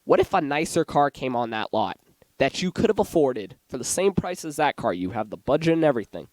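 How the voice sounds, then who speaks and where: A man's voice: medium pitch, sing-song, a little fast, darkish tone, dry recording. A young man giving an informal Bible teaching in a church, chatty and given to asides and self-corrections. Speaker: lay preacher. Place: church sanctuary.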